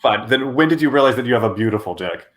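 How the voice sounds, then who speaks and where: A man's voice: mid-range voice, expressive, fast, fairly bright tone. A man hosting an interview in a playful, teasing manner, often laughing at his own jokes. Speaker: interview host. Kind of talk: casual interview chat.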